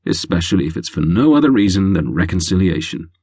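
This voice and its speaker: A man's voice: low voice, very animated, fast, a little mellow, no echo, clean studio sound, heavily acted. A man doing a purring, teasing young lover. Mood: mocking.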